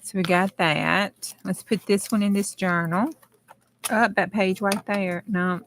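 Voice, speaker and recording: A woman's voice: medium pitch, steady tone, unhurried, fairly bright tone, a little hiss or hum. A middle-aged woman with a Southern American accent, hosting a casual crafting livestream and thinking aloud as she arranges journal pages. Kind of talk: casual live-stream chat while crafting.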